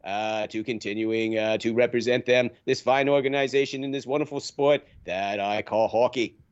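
A man's voice: mid-range voice, fairly even intonation, moderate pace, smooth, muffled recording, close to an everyday voice. A man playing a pompous, evasive hockey union executive at a mock press conference who rambles and dodges every question.

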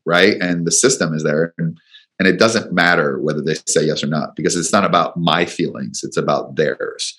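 Male guest coach, lowish voice, lively storyteller who stumbles over repeated words. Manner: animated, repeats words while telling stories. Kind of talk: storytelling in an interview.

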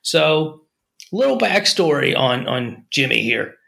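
A man with a gravelly, creaky voice pitched a bit high tells a long story in a rambling podcast chat. He restarts phrases often as he works toward the punchline. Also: sing-song, slow pace, sharp tone. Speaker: podcast co-host.

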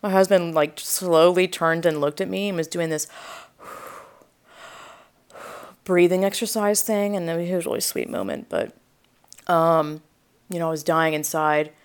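A young woman podcast host telling a story in a rambling, animated way, full of asides and quoted reactions, with a sore throat. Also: deep voice, moderate pace, clear, resonant tone. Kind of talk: casual storytelling.

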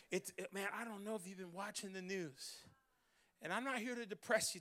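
A man preaching a Christmas sermon as pastor, calling the congregation to repeat after him and rising to shouts. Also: high voice, moderate pace. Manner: preaching with congregation call-and-response, building to shouts. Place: church Christmas service.

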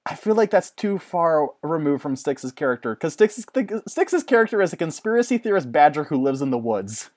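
A man in casual chat, excitable and rambling, often laughing. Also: on the high side, moderate pace, hardly any pauses.

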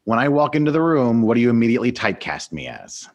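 A man's voice: mid-range voice, very animated, fast. A man hosting an interview, asking questions in a friendly, upbeat way. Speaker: podcast host, interviewer. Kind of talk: casual interview chat.

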